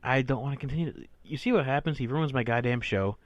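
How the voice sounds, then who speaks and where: A man's voice: mid-range voice, fast talker, dry recording, lo-fi sound. A man co-hosting a casual podcast, telling stories in a crude, profane, ranting way. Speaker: podcast co-host.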